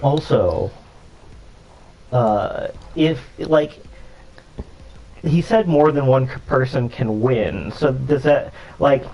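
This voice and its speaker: A man's voice: medium pitch, lively intonation, takes it slowly, pauses often, darkish tone, low-quality recording. A young man hosting a let's play, chatting casually and joking while he plays, with frequent swearing. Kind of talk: casual chat over gameplay.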